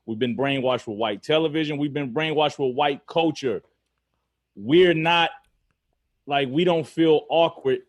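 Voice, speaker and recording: Earnest, halting male podcast co-host. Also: fairly high pitch, dry recording. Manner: earnest, halting, searches for words. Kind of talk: casual podcast chat.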